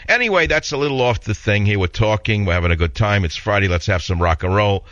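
A man's voice: lowish voice, fast, a bit bright, no room sound, lo-fi sound. A man with a heavy New York accent hosting a talk radio show, opinionated and rambling in a blunt monologue.

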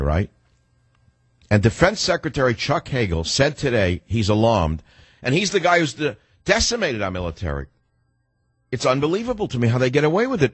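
A man's voice: lowish voice, husky, no echo. Sarcastic ranting talk radio man. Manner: sarcastic, ranting, mocking rhetorical questions. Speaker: radio talk show host. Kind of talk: combative talk radio monologue.

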